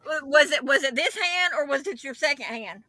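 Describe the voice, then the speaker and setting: A woman's voice: sits high, lively intonation, normal speed, sharp tone. A woman from southeast Georgia with a Southern accent, joking in a folksy way during a casual chat.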